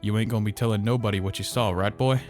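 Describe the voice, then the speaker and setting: A man voicing a violent rural father with a Southern accent, speaking in a slow, threatening drawl. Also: on the low side, over music, close to an everyday voice. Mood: menacing. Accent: American Southern. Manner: slow, calm, threatening drawl that breaks into shouting. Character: menacing, violent rural father, quietly furious.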